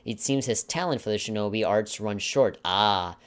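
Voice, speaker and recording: A man's voice: on the low side, normal speed. Sarcastic man reading game dialogue. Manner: sarcastic, mock-dramatic, chuckling asides. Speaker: let's play commentator. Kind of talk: reading game text aloud with joking commentary.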